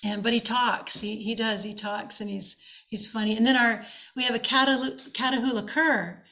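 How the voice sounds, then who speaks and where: Woman from Canada, singer-songwriter guest, eager storyteller, slightly high, gravelly. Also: steady tone, normal speed, pushed and bright, poor audio. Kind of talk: casual interview chat.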